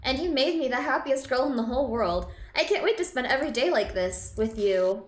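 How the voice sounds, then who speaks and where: A woman's voice: high-pitched, animated, brisk. A woman reading aloud the lines of a cheerful teenage girl who runs a club. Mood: sweet. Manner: read aloud from on-screen dialogue. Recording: echoey room with game music.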